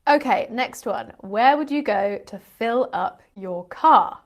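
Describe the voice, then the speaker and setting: A woman's voice: a little high, expressive, slow. A British woman, an English teacher and channel host, explaining word differences playfully with frequent laughs and teasing asides. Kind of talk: explaining vocabulary to camera.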